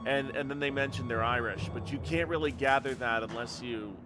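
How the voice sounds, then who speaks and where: A man's voice: mid-range voice, a little fast, background noise. A man streaming a game live, chatting casually and hesitantly with fillers between game scenes. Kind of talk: live game playthrough chat. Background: background game music.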